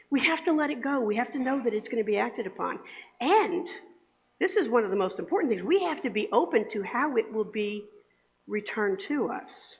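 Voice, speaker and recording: A woman delivers the Sunday message as a conversational sermon in a church sanctuary, chatty and often asking the congregation for agreement. Her voice is on the high side, animated and gravelly, at normal speed with slight background noise. The recording has an echoey hall sound and is dull and lo-fi.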